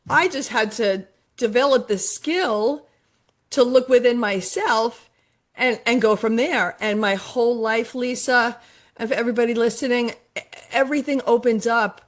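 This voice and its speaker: A middle-aged woman with a fairly high voice, speaking as a guest coach in a podcast interview. She talks earnestly and emphatically and circles back to repeat her key points. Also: moderate pace. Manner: earnest, repetitive, emphatic about affirmations.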